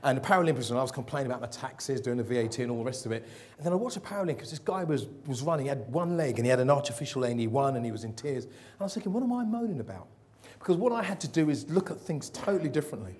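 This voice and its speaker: Lively man giving a keynote talk. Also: medium pitch, racing, few pauses. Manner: lively, jokey, asks the audience questions. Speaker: keynote speaker. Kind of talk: motivational keynote talk to a live audience. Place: event hall with an audience.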